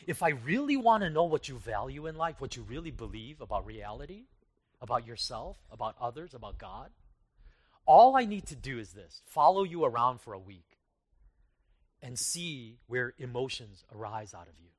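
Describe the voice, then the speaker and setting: A male pastor giving a conversational, self-deprecating sermon, swinging between loud emphasis and quiet trailing phrases. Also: mid-range voice, big pitch swings, normal speed, slightly rough.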